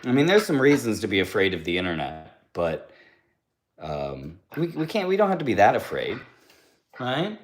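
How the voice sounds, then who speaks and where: A man's voice: lowish voice, huge pitch swings, normal speed, a little hiss or hum. A man hosting a casual livestream, cooing to his pet duck in baby talk and thanking viewers for their comments. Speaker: livestream host.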